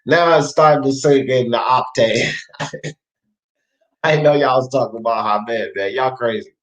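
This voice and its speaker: A man's voice: medium pitch, normal speed, a bit bright, low-quality recording. A male sports talk host on a live boxing stream, reading viewers' chat comments aloud in a loose, slangy way and laughing often.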